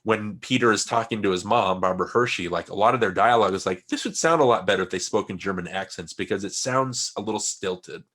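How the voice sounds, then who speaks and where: A man's voice: fairly low pitch, fast talker, few pauses, fairly bright tone. A man co-hosting a casual film podcast, rambling, with frequent restarts and trailing asides. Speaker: podcast co-host.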